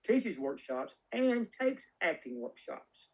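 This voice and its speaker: A man with a somewhat high voice, chatting as a guest filmmaker. He tells folksy, meandering stories, circling back and restarting his sentences. His delivery is loose and conversational. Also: big pitch swings, takes it slowly, darkish tone, breathy edge, low-quality recording. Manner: folksy, rambling anecdotes with many restarts. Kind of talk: casual interview storytelling.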